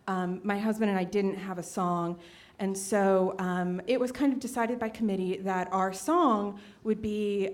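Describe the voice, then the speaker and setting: At a live storytelling event, a late-twenties woman stands on stage recounting something personal in a chatty, filler-heavy way. When quoting people she performs the lines with big jumps in pitch.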